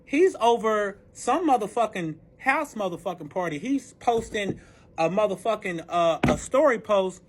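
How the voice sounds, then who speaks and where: Guy with a real high voice spilling a crazy story, cussing nonstop. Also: normal speed, slight background noise. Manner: heavy profanity, animated retelling. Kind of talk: storytime vlog.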